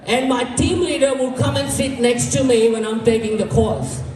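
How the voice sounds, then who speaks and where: A man's voice: very high voice, moderate pace, a little mellow, soft background music. A man with an Indian English accent doing a stand-up comedy set, telling stories and acting out the voices of the people in them. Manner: storytelling, acts out quoted voices. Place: community hall with live audience. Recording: echoey hall, voice from far off.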